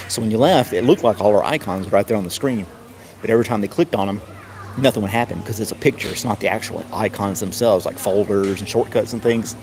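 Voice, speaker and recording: A middle-aged man with a fairly low voice tells a rambling, chuckling story in a relaxed, casual way. Clear background noise runs under his voice throughout. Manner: chuckling, rambling, mimics others in a high voice. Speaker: streamer. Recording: noisy background.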